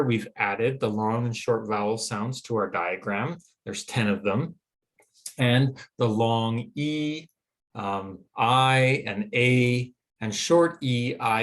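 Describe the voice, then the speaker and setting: The speaker is a teacher, a man with a Western American accent whose voice rests at a typical middle pitch. Lecturing on phonetics, he explains things patiently, stretching out each demonstrated vowel.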